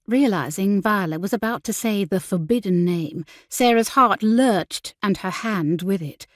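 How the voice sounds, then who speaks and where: A woman narrates a period novel in a measured, expressive way, her voice sitting at a mid pitch. The studio sound is dry and close, with no room around it. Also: dry recording. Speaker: audiobook narrator. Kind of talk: scripted audiobook narration.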